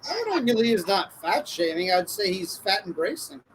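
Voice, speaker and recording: Man, deadpan, high voice, background noise. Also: moderate pace. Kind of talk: crude casual chat.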